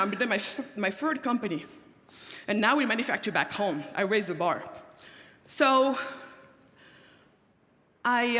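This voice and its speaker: A woman's voice: on the high side, a bit bright. A middle-aged woman from Africa, an entrepreneur giving a conference keynote, stressing her points by repeating key phrases. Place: large conference hall on a stage. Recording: long reverb of a large hall.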